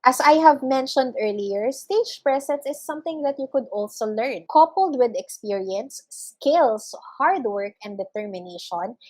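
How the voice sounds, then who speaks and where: A young adult woman teacher giving a recorded lesson, explaining step by step in measured, parallel phrases. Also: fairly high pitch, mellow, dry recording, rough recording. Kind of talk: recorded online lecture.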